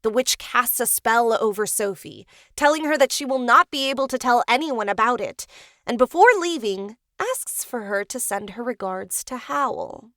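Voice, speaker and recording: Chatty playful woman on a podcast, voice a bit high, dry close mic. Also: expressive, moderate pace, fairly bright tone, dry recording. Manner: chatty and playful, cheering the heroine on. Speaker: podcast co-host. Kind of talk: reading a film recap, with asides.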